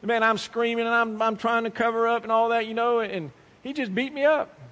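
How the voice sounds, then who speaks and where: A man's voice: extremely high pitch, fairly even intonation, fairly quick, fairly bright tone, in a large hall. A man preaching a sermon, telling a childhood story with emphatic repetition and acted-out quotes.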